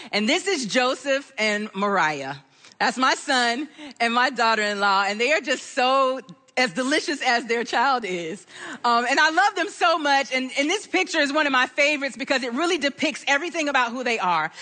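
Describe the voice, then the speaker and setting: A middle-aged woman, a grandmother, telling an animated, bubbly story as a speaker before a live audience. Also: sits high, big-room sound.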